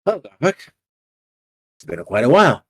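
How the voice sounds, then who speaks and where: A man voicing a smug, scheming male moneylender who talks with calm, drawn-out menace in a tabletop game. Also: medium pitch, breathy edge. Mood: mocking.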